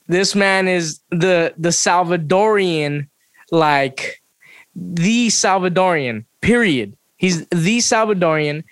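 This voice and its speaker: A man hosting a podcast in casual chat, hyping up his guest with playful, energetic intros. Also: high voice, clean tone, dry recording. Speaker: podcast host.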